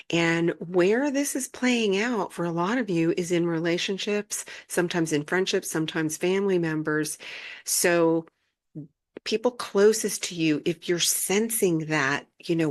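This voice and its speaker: A woman hosting a casual spiritual energy update, gentle and reassuring, laughing now and then. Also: fairly low pitch. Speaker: spiritual channel host.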